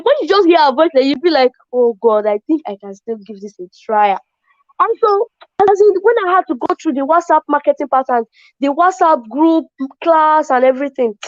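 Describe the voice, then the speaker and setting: A woman tells her story as an affiliate marketer in an excitable, casual way, often saying "as in". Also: high-pitched, no room sound. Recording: dull lo-fi, dry sound.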